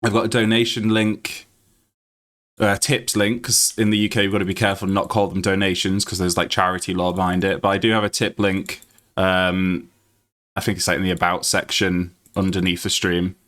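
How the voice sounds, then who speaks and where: A British man streaming a game and chatting to his viewers. His voice sits a little low, but he gets excitable, laughs often and swears freely. It is loose, unscripted live-stream talk. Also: fairly quick. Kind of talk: live-stream chat while gaming.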